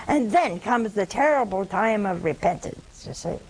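A woman's voice: mid-range voice, animated, moderate pace, few pauses, breathy edge, poor audio. An older woman giving a sermon, telling humorous stories in a folksy way and acting out the dialogue. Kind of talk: sermon with storytelling.

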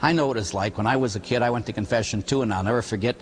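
Priest preaching with animated storytelling. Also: male voice, mid-range voice, very fast. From Pittsburgh area, United States. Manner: animated storytelling, acting out quoted voices, tag questions. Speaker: Catholic priest. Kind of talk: sermon. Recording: echoey hall with faint hum.

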